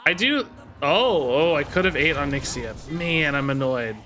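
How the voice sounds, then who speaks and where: A man's voice: a little high, animated, unhurried, pushed and bright, a little hiss or hum. A man streaming live, commenting on his gameplay, thinking aloud and picking apart his own moves. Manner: thinks aloud, self-critical, repeats himself. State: sore and tired from sport. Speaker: game streamer.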